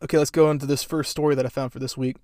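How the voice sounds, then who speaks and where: A man's voice: mid-range voice, flat delivery, rapid-fire, a little mellow, no echo, studio quality. A young man hosting a podcast, telling stories in a rambling, amused way with lots of fillers. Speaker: podcast host. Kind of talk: casual storytelling.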